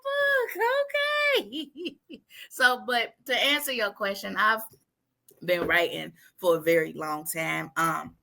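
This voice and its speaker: A woman from Ohio speaks in a clear, bright voice with an unusual accent nobody can place. She chats casually as an interview guest. She laughs often and acts out the voices in her stories. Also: on the low side, unhurried. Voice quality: distinctive accent that others cannot place. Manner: animated, laughing storyteller who acts out quotes. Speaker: author guest.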